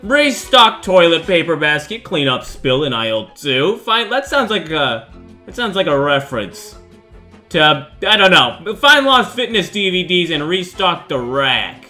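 Bright, goofy gaming commentator man. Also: fairly high pitch, normal speed, soft background music. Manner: goofy, joking, excitable. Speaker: gaming video host. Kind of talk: horror game commentary.

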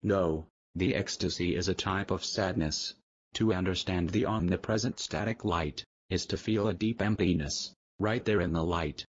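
An actor playing a bloodthirsty killer being, speaking in a flat, deadpan way. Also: male voice, low voice, normal speed, dull audio. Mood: cold. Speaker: actor in a film.

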